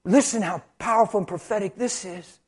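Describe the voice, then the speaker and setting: Husky high-voiced male preacher telling a story. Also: fairly quick. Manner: dramatic storytelling, drops to a hushed voice, then rises to excited shouting. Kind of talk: storytelling sermon.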